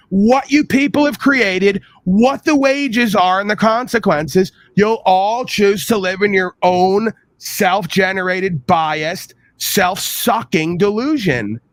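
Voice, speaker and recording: Scornful man lecturing, high voice. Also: fairly bright tone, dry recording. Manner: lecturing, scornful, piles up long lists of insults; mocking quoted voices in a high sing-song. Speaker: streamer host. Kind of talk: heated argument on a livestream.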